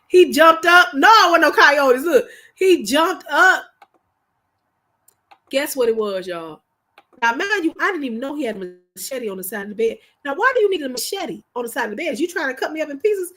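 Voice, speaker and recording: High-voiced chatty woman livestreaming. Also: brisk. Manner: animated, chatty storyteller addressing viewers directly; informal, slangy speech. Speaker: livestream host. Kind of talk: casual livestream chat.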